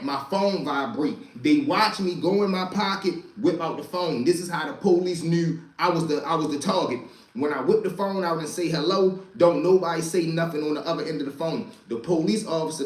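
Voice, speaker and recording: A man telling street stories to a live chat, animated and profane, talking straight to his listeners as y'all. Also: on the high side, reverberant. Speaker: storyteller and stream host.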